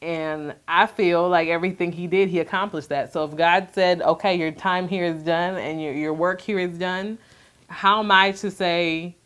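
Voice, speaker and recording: Soft-spoken woman reflecting to camera. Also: fairly low pitch, fairly even intonation, normal speed, clean tone. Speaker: vlogger sharing her grief. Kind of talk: candid personal talk to camera.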